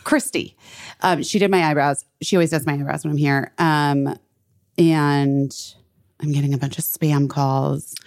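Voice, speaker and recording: A woman with a notably low voice chats casually on a podcast recorded in a friend's home. She swears freely and talks in loose, trailing phrases. When something amuses her, her pitch leaps way up. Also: a little slow. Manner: chatty, swears freely, big pitch swings when animated. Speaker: podcast co-host. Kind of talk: casual chat. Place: friend's house, indoors.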